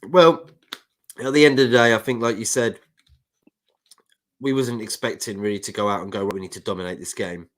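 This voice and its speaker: A man's voice: lowish voice, steady tone, fairly quick, long pauses, a bit bright. A man with a London accent co-hosting a casual football chat show, bantering and reading out viewer comments. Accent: London English. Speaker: football podcast co-host.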